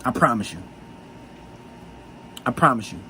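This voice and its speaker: A man's voice: medium pitch, lively intonation, unhurried, sharp tone, slight background noise, low-quality recording. A man giving blunt dating advice in a profane, insistent monologue full of repetition.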